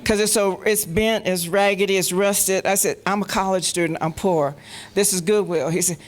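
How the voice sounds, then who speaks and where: A woman from Colorado, a panel guest, telling anecdotes in a lively way, laughing often and acting out the voices of the people she quotes. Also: mid-range voice, normal speed. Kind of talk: anecdotal storytelling. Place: festival panel stage.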